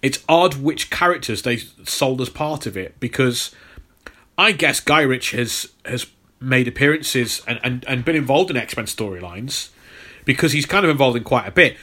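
A bright, forceful-sounding man co-hosting a podcast. He talks in easygoing chat and rambles through explanations with lots of ums and restarted words. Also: mid-range voice, lively intonation, normal speed. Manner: rambling, filler-heavy, repeats words. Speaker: podcast co-host. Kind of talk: casual chat.

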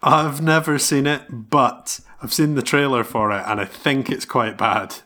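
A man co-hosting a casual podcast chat, blunt and quick to laugh. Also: medium pitch, pushed and bright. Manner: blunt, laughs often, swears freely. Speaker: podcast co-host.

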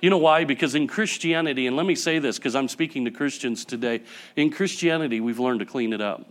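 A man preaching a sermon to his church, building up to loud passionate peaks and then dropping to quiet, soft passages. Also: mid-range voice, brisk. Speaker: pastor.

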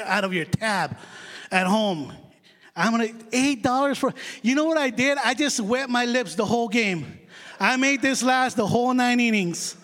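A man's voice: high-pitched, fairly bright tone. A man preaching a chatty, storytelling sermon in a church, joking about himself. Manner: chatty, storytelling, self-mocking. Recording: long hall reverb.

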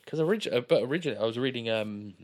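A man, co-hosting a podcast and discussing a film in a relaxed way, with lots of fillers like "like". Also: mid-range voice, rapid-fire. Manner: relaxed, filler-heavy, agreeable. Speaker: podcast co-host.

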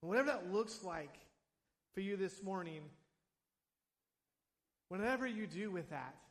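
High-voiced man preaching in a reverberant hall. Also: unhurried. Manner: conversational, animated preaching with asides and acted quotes. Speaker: pastor. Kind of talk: sermon. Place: church sanctuary.

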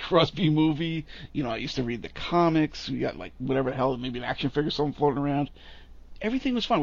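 Husky and mid-range with noticeable vocal fry, a man co-hosting a podcast vents his opinions casually, with sarcasm, bluntness and plenty of swearing. The recording sounds dull and lo-fi.

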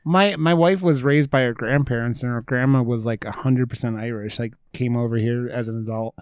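A man's voice: medium pitch, steady tone, brisk, clear, resonant tone, dry recording, clean studio sound. An American man co-hosting a casual chat, rambling and swearing, with lots of fillers. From United States. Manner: rambling, profane, full of fillers. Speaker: podcast co-host.

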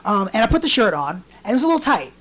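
Male podcast host, casual and profane, an animated storyteller. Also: high-pitched, very fast. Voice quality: storytelling, animated voices in quotes, swears freely. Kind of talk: casual chat.

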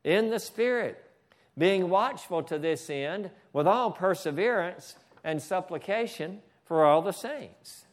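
A pastor preaches a church sermon in a high-pitched, lively voice, unhurried yet with hardly any pauses. He keeps asking "Amen?" and stops to give directions to the slide operator.

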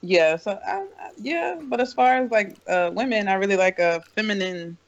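A man's voice: high voice, animated, normal speed, muffled recording. A young man co-hosting a casual podcast, telling stories and laughing between lines. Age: young adult. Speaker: podcast co-host. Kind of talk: casual group chat.

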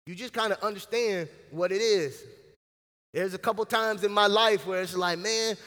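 A man preaching a sermon in a big church hall, his voice pitched high and trailing a long reverb. He talks in a loose, lively way, dropping slang and acting out quotes as he goes. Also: moderate pace. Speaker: pastor. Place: church sanctuary.

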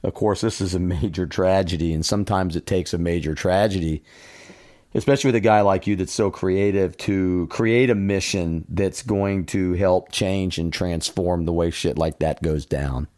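A man's voice: low-pitched, normal speed, darkish tone, no room sound, studio quality. A man hosting a podcast, responding to his guest in a casual, supportive way. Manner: casual, supportive, says "man" and "you know" a lot. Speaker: podcast host. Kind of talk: podcast interview.

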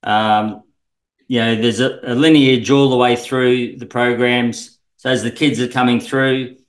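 A man's voice: mid-range voice, flat delivery, a little slow, low-quality recording. A man, a swimming coach, talking casually on a podcast in a rambling, unpolished way. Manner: rambling, many fillers and restarts. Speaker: swim coach guest.

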